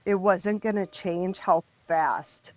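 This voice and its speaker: A middle-aged woman telling her story as a podcast guest, raw and emotional, halting and restarting as she speaks. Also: on the low side. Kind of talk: candid personal storytelling.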